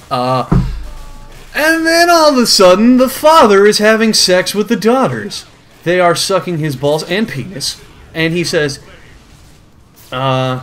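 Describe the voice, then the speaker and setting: A young man hosting a comedic video, reading a comic aloud with sarcastic commentary and frequent laughter. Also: fairly high pitch. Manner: sarcastic, laughs often, lively. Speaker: host.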